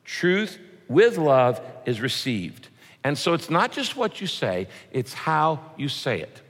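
A man preaching a sermon as a pastor, punchy and animated, with quick rhymes and mock quotes. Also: fairly high pitch, long reverb tail.

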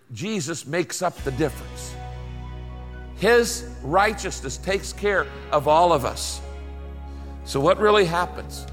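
A man's voice: fairly high pitch, fairly bright tone, long reverb tail. An older man preaching a sermon, folksy and emphatic, with lots of repetition. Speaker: pastor.

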